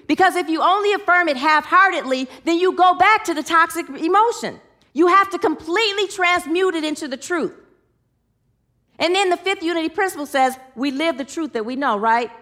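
A spiritual teacher with a high, sharp-toned voice delivers a sermon earnestly. She leads her listeners in affirmations and tells stories with animation.

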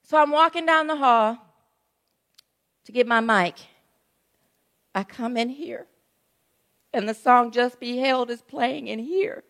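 High-voiced woman pastor preaching conversationally. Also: slow, pauses often, a bit bright. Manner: conversational storytelling preaching, frequent "right?" asides. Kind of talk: sermon.

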